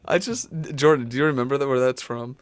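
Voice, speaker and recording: A man co-hosting a casual sports podcast who tells rambling, animated stories. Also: mid-range voice, fast, smooth, no echo. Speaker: podcast co-host.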